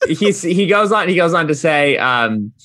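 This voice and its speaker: Bright emphatic male co-host. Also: fairly high pitch, very animated, unhurried, a little hiss or hum. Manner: reads quotes aloud, emphatic and joking. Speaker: podcast co-host. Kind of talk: casual chat.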